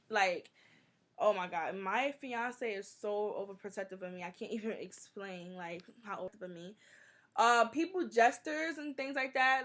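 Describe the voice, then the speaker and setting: A young woman, telling stories in a casual, animated Q&A vlog. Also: mid-range voice. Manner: chatty, animated storytelling with many "like"s. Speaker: vlogger.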